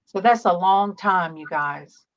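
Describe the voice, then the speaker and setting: Soft-spoken woman, slow, halting. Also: fairly low pitch, muffled recording, background noise. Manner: halting, many pauses and "um"s. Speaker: online ministry panel host. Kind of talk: casual prayer-group chat.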